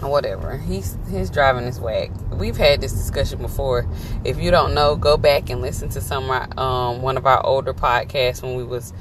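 A woman's voice: extremely low pitch, moderate pace. A woman hosting a casual podcast from inside a car, teasing her husband and talking straight to her listeners. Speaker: podcast host. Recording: noisy car interior.

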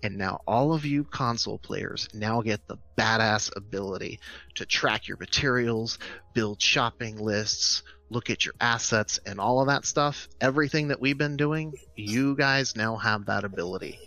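A man's voice: lowish voice, moderate pace, sharp tone, muffled recording. A man co-hosting a casual podcast, enthusiastically explaining tools step by step. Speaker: podcast co-host presenting game news.

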